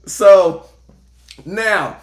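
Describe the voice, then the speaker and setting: A man's voice: sits high, very slow. Laid-back man, roomy echo. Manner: chatty, laid-back, breaks into laughter while storytelling. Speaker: tarot reader. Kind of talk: casual livestream chat and tarot reading.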